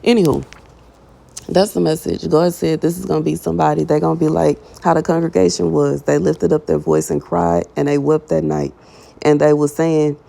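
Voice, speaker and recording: A woman's voice: low voice, flat delivery, moderate pace, creaky, mellow. A woman giving a casual prophetic message to her online audience, chatty and emphatic, with slang and scripture read aloud. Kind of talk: casual prophetic preaching to camera.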